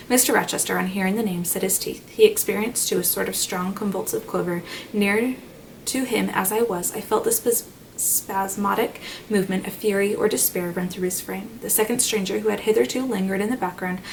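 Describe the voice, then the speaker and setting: A woman reads a classic novel aloud in a measured, expressive style. Her medium-pitched voice has a gravelly creak. The mic sits a little distant, with faint noise in the background. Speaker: audiobook narrator.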